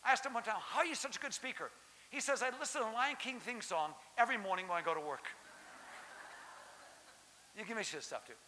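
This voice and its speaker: Middle-aged guy doing a keynote, high bright voice, talks fast, hissy hall echo. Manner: animated, jokey, quizzes the audience. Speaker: keynote speaker. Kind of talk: lively conference keynote. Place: large lecture hall.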